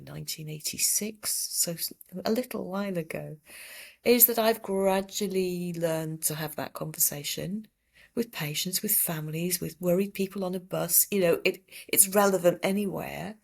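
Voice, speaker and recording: A woman in her sixties, a palliative care doctor, telling stories from her work in a gentle, reflective way in a podcast interview. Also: on the low side, creaky, husky. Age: 60s. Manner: reflective, gentle, recounting patient stories with quoted speech.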